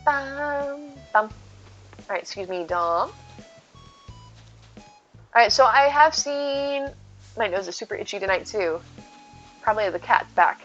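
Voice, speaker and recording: In a game stream with slightly muffled audio and faint game music, a woman chats casually, reasoning aloud and answering chat as she plays. Her mid-range voice is fairly bright and lively, and she speaks unhurriedly, pausing often.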